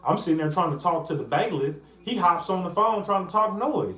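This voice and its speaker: A man hosting a casual livestream. He talks in an animated way and breaks off to greet viewers by name. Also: high voice, brisk, echoey room. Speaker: livestream host.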